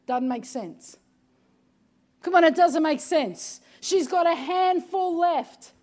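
A woman's voice: very high-pitched, slow, darkish tone. A woman preaching a sermon with emphasis, often saying "come on" and raising her voice. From Australia. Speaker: pastor.

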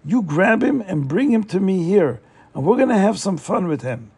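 A man putting on a gravelly, bossy cruel nobleman. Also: high-pitched, very animated, moderate pace, darkish tone, voice pushed up, full character voice. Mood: gleeful. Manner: gloating, domineering. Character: cruel arrogant male nobleman, bossy and vengeful.

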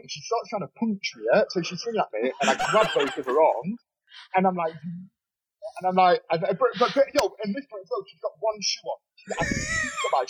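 A man telling a wild story as a podcast guest, animated and swearing freely, laughing as he goes. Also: high-pitched, slightly rough, poor audio. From Nottingham, England. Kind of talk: casual storytelling. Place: bedroom.

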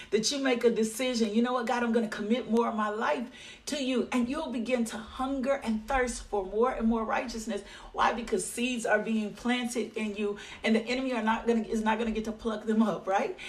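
A woman leads a devotional talk that flows into prayer, fervent and encouraging, repeating phrases for emphasis. Her voice sits a touch high. She sounds a little distant from the microphone. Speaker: devotional leader.

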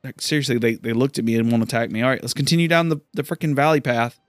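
A man's voice: mid-range voice, fairly even intonation, quick pace, no echo, soft background music. A man giving casual, rambling commentary while playing a video game, often incredulous at what happens. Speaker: gamer. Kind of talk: let's play commentary.

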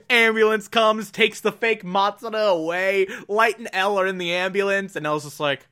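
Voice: medium pitch, steady tone, normal speed, few pauses, sharp tone, clean tone. A podcast host giving a chatty, laughing episode recap full of filler words.

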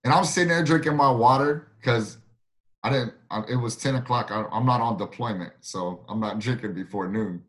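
A man's voice: medium pitch, fairly quick, a bit bright. A man hosting a casual group chat, joking and laid-back. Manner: joking, laid-back, says bro a lot. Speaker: podcast host.

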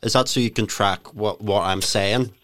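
A man's voice: fairly low pitch, steady tone, normal speed, fairly bright tone, dry recording. A man hosting a podcast, rambling hesitantly with many ums while making a prank phone call. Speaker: podcast host. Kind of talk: casual podcast chat, prank calling.

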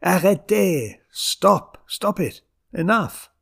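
A man's voice: high-pitched, very animated, slow pace, vocal fry, a bit bright, breathy edge, voice pushed up, heavily acted. A man voicing a ferocious, frenzied elderly French grandmother who screams in a French accent and broken franglais. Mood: frantic screaming.

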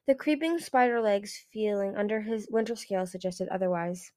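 A woman's voice: medium pitch, moderate pace, hardly any pauses, a little mellow. A woman reading a fantasy novel aloud in plain narration, now and then correcting herself. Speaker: audiobook reader.

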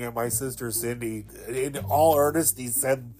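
A man's voice: medium pitch, steady tone, a little slow, darkish tone, faint music behind. A man in his fifties, a podcast host, telling rambling, sentimental stories about a childhood pet. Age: 50s. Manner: rambling, sentimental, with fillers and laughs. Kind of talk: casual storytelling monologue.

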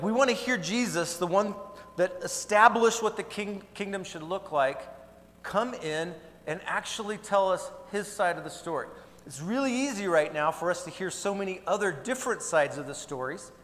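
A man's voice: on the high side, a bit bright. A man preaching a sermon as pastor in an earnest, conversational way, in a church sanctuary. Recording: long hall reverb.

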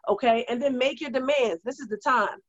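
A woman co-hosting a casual chat, animated and rousing as she urges listeners on. Her voice sits fairly high. The recording is dull and lo-fi with a dry, close sound. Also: fairly quick, no echo. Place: at a desk indoors.

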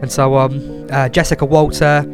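A man's voice: medium pitch, level tone, normal speed, music in the background. Sweary man on a podcast. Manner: sweary and blunt, many ums and restarts. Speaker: podcast co-host. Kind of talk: casual chat.

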